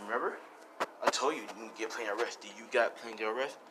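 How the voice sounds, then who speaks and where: A man voicing a stern male mentor who gives calm, clipped orders in a low, hushed tone. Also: fast, heavy background noise, lightly acted. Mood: commanding.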